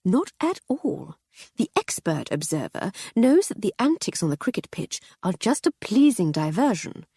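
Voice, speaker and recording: A witty aristocratic lady, as a woman reader plays her speaks with arch, drawling amusement. The voice lifts higher than the reader's own and swings widely. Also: sing-song, normal speed, dark tone, slightly rough, no room sound, clean studio sound.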